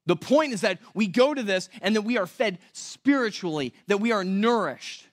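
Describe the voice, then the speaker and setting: High-voiced preacher, conversational sermon. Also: male voice, animated, moderate pace. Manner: conversational, asks rhetorical questions, corrects himself aloud. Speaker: pastor. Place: church.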